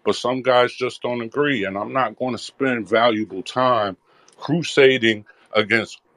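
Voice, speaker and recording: A man's voice: medium pitch, a bit bright, no room sound. A man speaking earnestly in a live audio chat room, with a repetitive, preaching cadence. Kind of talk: impassioned conversational address.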